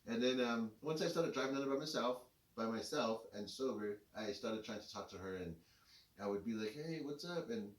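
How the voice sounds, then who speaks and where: A middle-aged man telling a rambling personal story in a relaxed, casual way. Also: fairly low pitch, brisk, distant mic. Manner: laid-back, rambling with many fillers. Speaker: co-host telling his story. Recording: echoey room, voice a bit off-mic.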